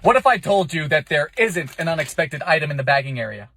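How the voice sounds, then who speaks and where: A man's voice: fairly high pitch, animated, fast talker, fairly bright tone, a little hiss or hum. A man doing scripted comedy sketches, ranting in an exasperated, punchy, profane way. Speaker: comedy creator.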